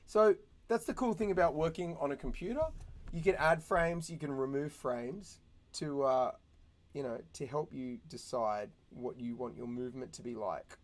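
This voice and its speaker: A young man teaching animation in a casual, chatty way, thinking out loud and making little sound effects as he works. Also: medium pitch, normal speed. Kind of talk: casual screen-recorded tutorial.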